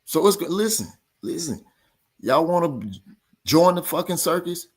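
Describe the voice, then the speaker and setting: A man's voice: fairly high pitch, moderate pace. A man hosting a boxing talk show, ranting in a heated, casual way and repeating his points with emphasis. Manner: animated, repetitive, argumentative.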